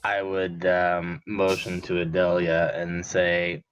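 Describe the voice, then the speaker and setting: A man playing a tabletop game who speaks in a dry, grim, deliberate way. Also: deep voice, monotone, highs cut off, a little hiss or hum. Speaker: player. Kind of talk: in-character tabletop play.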